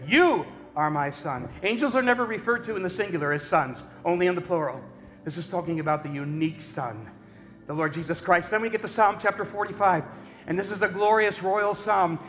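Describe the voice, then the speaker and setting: A male preacher with a high voice delivers a sermon in a large, reverberant hall. He swings from loud, emphatic peaks down to low, intense asides, and he often restarts phrases. Faint music sits under his voice. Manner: repeats words and restarts phrases.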